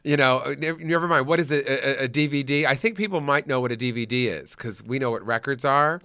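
A man hosts a casual commentary show, chatty and animated and laughing as he talks. His voice is bright and forward, with a mid-range pitch. The sound is dry and close, with no room around him. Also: quick pace, clean tone, dry recording.

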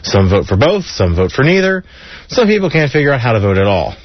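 A medium-pitched man hosts a community radio program from the studio, reading a string of jokes fairly quickly with animated energy and chuckles in between. The sound has no echo but a dull, lo-fi broadcast character.

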